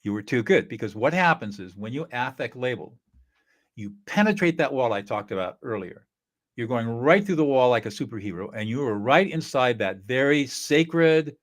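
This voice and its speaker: A middle-aged man teaches in an earnest, coaching way and acts out short example dialogues. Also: mid-range voice. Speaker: conflict-resolution teacher. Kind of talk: instructional talk.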